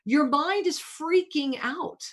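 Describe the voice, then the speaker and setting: A woman's voice: high voice, slow pace. Affectionate woman spiritual radio host. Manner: soothing, affectionate, calls caller pet names. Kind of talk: spiritual talk radio coaching.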